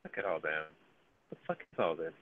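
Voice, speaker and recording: A man's voice: rumbling low, expressive, brisk, phone-quality sound, background noise. A man giving casual, profane live commentary on his own gameplay, thinking aloud as he plays. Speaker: gaming streamer.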